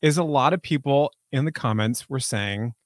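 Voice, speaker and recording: A man's voice: mid-range voice, normal speed, no room sound, studio quality. Easygoing man co-hosting a news chat. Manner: easygoing, reads out posts. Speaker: news anchor and co-host. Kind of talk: casual chat.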